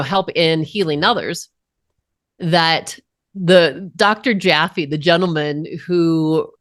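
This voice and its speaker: A woman from Colorado, a podcast guest telling a personal story in an earnest, unhurried way with emphatic pauses. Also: fairly low pitch, fairly bright tone, no room sound, clean studio sound. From Colorado, USA.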